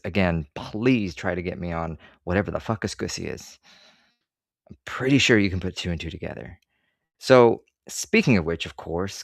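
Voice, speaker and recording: A deep-voiced online commentator swears his way through a sarcastic rant to camera, full of rambling digressions. The audio is studio quality with no echo.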